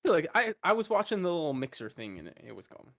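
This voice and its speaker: Young male co-host, a bit high-pitched, loud and projecting, laughs easily. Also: sing-song, very fast. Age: young adult. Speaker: podcast co-host. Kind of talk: casual chat.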